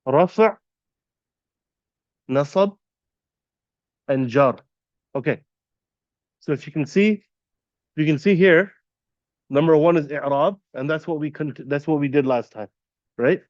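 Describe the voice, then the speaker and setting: A man teaching a classroom lesson, patiently quizzing students and repeating terms slowly. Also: on the high side, a little mellow, dry recording, lo-fi sound. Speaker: Arabic teacher. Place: classroom at an Islamic center.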